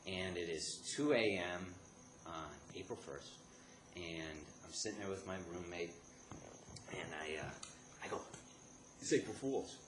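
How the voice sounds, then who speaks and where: A man from the Chicago area telling a comic story, animated, jumping between laughing outbursts and hushed asides. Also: low-pitched, measured pace, pauses often. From Chicago area, United States. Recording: echoey room with background noise.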